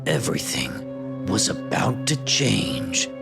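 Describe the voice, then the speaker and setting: A man playing a dramatic male movie-trailer announcer, speaking slowly and portentously in a parody trailer. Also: low voice, sing-song, creaky, over music, heavily acted. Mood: ominous. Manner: slow, portentous trailer delivery.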